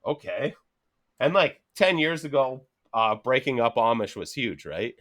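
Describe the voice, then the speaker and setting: A podcast guest in his thirties from Canada tells a story at a measured pace in a mid-range voice. In this casual chat he's animated, swears all the time, laughs as he speaks, and acts out people's words.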